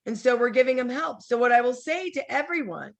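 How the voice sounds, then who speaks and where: A woman's voice: on the high side, expressive, a little fast, vocal fry. A woman leading a casual team training call over video, chatty and encouraging, sometimes acting out sample conversations. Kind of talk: casual motivational training talk.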